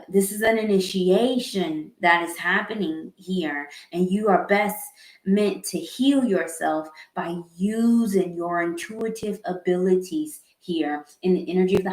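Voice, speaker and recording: A woman giving a live tarot reading in a slow, earnest, halting way, with sighs and repeated words. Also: lowish voice, darkish tone. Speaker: tarot reader. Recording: echoey room.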